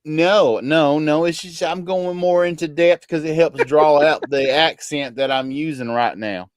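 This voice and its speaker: A folksy country man with a thick Kentucky drawl, put on by a host hands out homespun advice like a sermon. The voice sits a little high and drawls along. The sound is dry and close. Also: measured pace, smooth, no room sound, close to an everyday voice.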